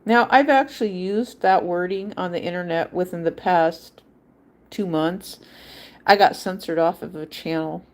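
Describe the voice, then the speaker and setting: On her livestream, a woman with a fairly low, slightly slow voice recounts a personal story. The casual monologue wanders and is emphatic, repeating itself, with quoted voices acted out.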